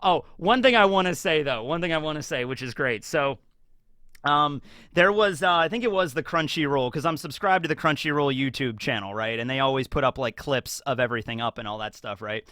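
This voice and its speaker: A man talking casually as a YouTuber about an anime special. He is excitable, rambling, and full of fillers and tag questions. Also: mid-range voice, fairly quick, dry recording, studio quality.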